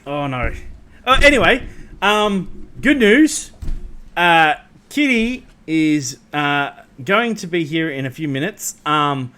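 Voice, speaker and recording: A man's voice: fairly high pitch, animated, slow, sharp tone, clear, resonant tone. A man hosting a casual livestream chat, rambling with many ums and restarts and swearing freely. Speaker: host.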